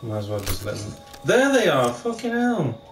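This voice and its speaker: A man's voice: medium pitch, huge pitch swings, moderate pace, soft background music. A man playing a video game and commenting live, grumbling and swearing in frustration as things go wrong. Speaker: gamer playing the killer. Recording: echoey room with loud game sirens.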